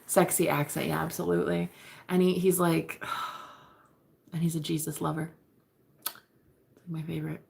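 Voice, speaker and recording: A woman's voice: sits low, little pitch movement, normal speed, creaky, long pauses, a little mellow, slight background noise. A woman chatting casually and candidly to her viewers, laughing often and swearing now and then. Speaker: vlogger. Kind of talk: casual confessional chat to camera.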